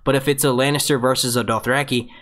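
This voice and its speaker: A man with a mid-range, slightly bright voice talks quickly in a flat delivery. He hosts a fan review show from a home setup with a phone nearby, rambling through a live Q&A breakdown, reading viewer questions aloud and restarting his sentences.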